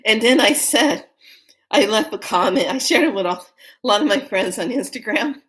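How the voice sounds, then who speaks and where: A woman vlogger telling a story in a casual way, animated and often breaking into laughter. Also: on the high side, normal speed.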